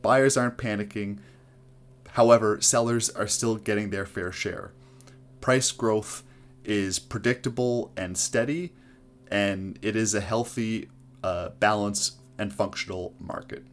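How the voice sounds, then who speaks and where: A man with a somewhat low voice teaches housing market math to his viewers. He breaks it down step by step in a clear, explaining tone. He often pauses on "uh" as he goes. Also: steady tone. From Canada. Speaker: real estate agent explaining market math. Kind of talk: explainer video to camera.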